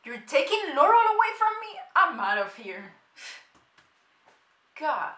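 A high-voiced woman reacts to a TV episode in unhurried, swooping tones, laughing often and cursing freely. Her voice rings in an echoey room. Show audio and music play clearly behind her. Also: big pitch swings, bright, forceful tone. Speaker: reaction video host. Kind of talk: casual reaction commentary.

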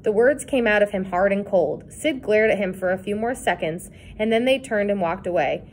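A woman reading a children's chapter book aloud with expressive, dramatic pacing. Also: mid-range voice, moderate pace, slight background noise. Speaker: reader. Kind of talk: read-aloud storybook narration.

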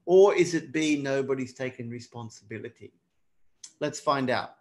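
A man's voice: medium pitch, normal speed. A man teaching a live online exam prep class in a casual, chatty way, often calling out to everyone. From not British. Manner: chatty, keeps addressing everyone.

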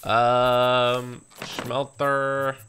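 A man's voice: mid-range voice, completely flat delivery, extremely slow, a bit bright, slight background noise. A man hosting a casual co-op gaming chat, trading dry, teasing asides with his partner. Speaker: gaming channel host.

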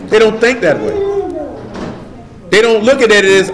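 A man's voice: sits high, normal speed. A man preaching a live sermon, emphatic and casual, asking the room rhetorical questions. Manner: casual street slang.

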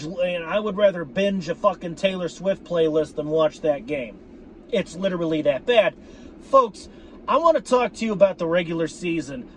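A man with a rather high voice delivers a worked-up fan rant straight to his viewers. He swears freely, circles back over his own phrases and keeps calling his audience "folks". A faint hum of noise sits underneath. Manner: profane, repetitive, addresses viewers as folks. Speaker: sports fan vlogger. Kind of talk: ranting fan commentary.

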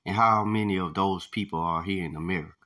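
A man's voice: low voice, fast, pushed and bright. A man reading as a paranoid male cell leader. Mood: stern.

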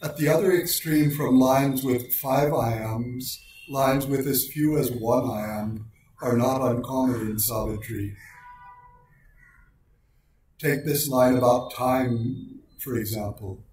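A man giving a precise, measured lecture on poetic meter and slowing down to recite lines of verse. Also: mid-range voice, a little mellow, a little hiss or hum. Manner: precise, deliberate delivery, slows for quoted lines. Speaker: lecturer on poetry. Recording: very echoey room, voice far from mic.

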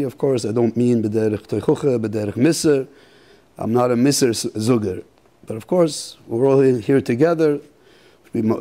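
Mellow rabbi, throat-clearing sermon. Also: male voice, mid-range voice. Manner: halting, repeats words, clears throat often.

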